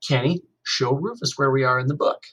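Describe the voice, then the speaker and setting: A man voicing a woman schoolteacher giving brisk classroom instructions. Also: mid-range voice, fairly bright tone, husky. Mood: instructing. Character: grade-school woman teacher, brisk and orderly.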